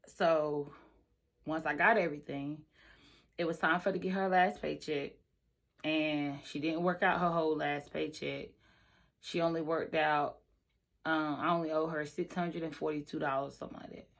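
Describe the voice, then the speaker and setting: A woman's voice: low voice, fairly even intonation, normal speed, vocal fry. A woman telling her own true story in an emphatic way, speaking straight to her listeners. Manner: emphatic, talks straight to the audience. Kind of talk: personal storytelling vlog.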